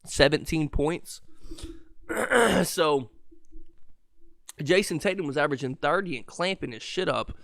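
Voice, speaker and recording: Male podcast host, slightly high voice with a lisp and stutter, profane exasperated rant, dry close sound. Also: expressive, a little slow, gravelly, pauses often, a bit bright, dry recording. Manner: profane, exasperated ranting with laughs and restarts. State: voice going hoarse.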